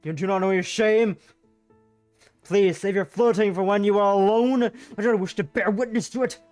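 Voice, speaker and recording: A woman's voice: mid-range voice, fairly even intonation, moderate pace, darkish tone, faint music behind, natural voice. A woman voicing a prim, disapproving young man who scolds in a stiff, offended way in a visual novel. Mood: scandalised.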